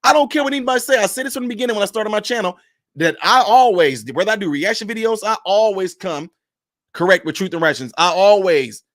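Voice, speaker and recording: High-voiced man preaching emphatically. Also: fast talker, a bit bright, no echo, clean studio sound. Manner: emphatic, repetitive, preacher cadence. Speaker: minister and streamer. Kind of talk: preachy livestream commentary.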